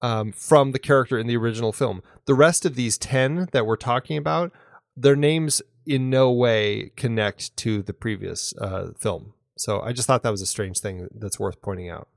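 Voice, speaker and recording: A man in casual film talk, eager and rambling, with frequent restarts as his thoughts run ahead of him. His voice sits at an ordinary middle pitch. The sound is close and dry, with no room around it. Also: moderate pace, vocal fry, dry recording. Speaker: podcast co-host.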